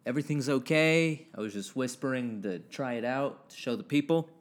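Alone at home with his dog, a young podcast host rambles through a solo episode, poking fun at himself and swearing casually. He speaks at a moderate pace in a medium pitch, very close to his home podcast mic, whose gain is turned up.

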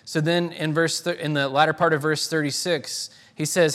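A man's voice: fairly high pitch, normal speed, hardly any pauses, fairly bright tone. Conversational male preacher. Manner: conversational, with hesitations and restarts; dramatic reading of quotes with rising voice. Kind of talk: sermon.

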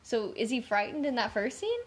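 A woman's voice: fairly high pitch, very animated, brisk. A woman co-hosting a podcast in casual chat, talking in a loose, chatty way full of "like". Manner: chatty, filler-heavy, frequent "like". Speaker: podcast co-host.

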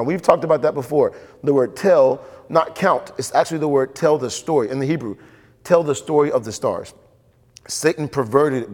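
A man preaching a sermon with animated delivery, acting out voices in the stories he tells. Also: on the high side, big-room sound. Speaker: pastor.

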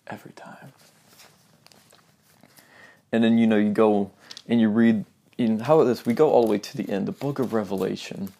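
A young man giving an earnest, informal sermon and reading scripture aloud, often dropping to a soft near-whisper for emphasis. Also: lowish voice, creaky. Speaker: preacher.

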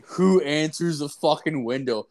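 A man's voice: fairly high pitch, measured pace, darkish tone. Profane young man telling stories. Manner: profane, rambling, lots of fillers. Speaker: podcast co-host. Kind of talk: crude casual storytelling.

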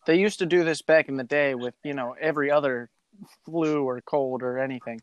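A man's voice: medium pitch, fairly quick, clear, resonant tone, no room sound, muffled recording, lightly acted. A man playing a boastful, rambling British explorer captain in a put-on British accent for an improvised comedy podcast. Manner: rambling, boastful, full of fillers.

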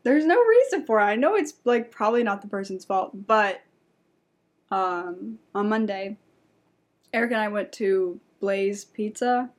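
A woman's voice: mid-range voice, lively intonation, measured pace. A young woman co-hosting a casual podcast chat, telling stories and laughing as she goes. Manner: chatty, laughs while recounting stories. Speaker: podcast co-host.

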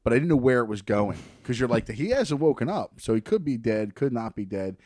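A man's voice: mid-range voice, big pitch swings, fairly quick, darkish tone, no echo, clean studio sound. A man co-hosting a podcast, joking sarcastically in casual banter. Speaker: podcast co-host.

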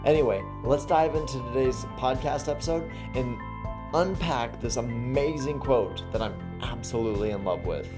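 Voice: mid-range voice, moderate pace, over music. A podcast host and health coach giving an enthusiastic, conversational motivational monologue.

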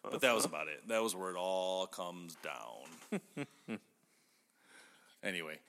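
A man's voice: low voice, animated, slow pace, sharp tone, long reverb tail. A man hosting a podcast, chatting casually and rambling through stories with frequent laughs. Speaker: podcast host.

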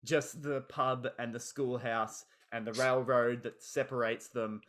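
A man's voice: medium pitch, little pitch movement, a little slow, fairly bright tone, a little hiss or hum. A man hosting a casual film podcast, talking enthusiastically and rambling. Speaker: podcast host.

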